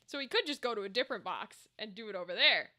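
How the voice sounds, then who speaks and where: A woman's voice: medium pitch, lively intonation, quick pace, sharp tone. A young woman streamer chatting casually with her viewers, rambling and swearing freely. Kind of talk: casual live-stream chat while gaming.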